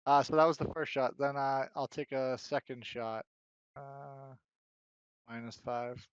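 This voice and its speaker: A man's voice: mid-range voice, little pitch movement, measured pace, clear, resonant tone, dry recording. A man playing a tabletop game, working out his dice math aloud. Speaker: player. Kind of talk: casual tabletop game play. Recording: slightly muffled lo-fi audio.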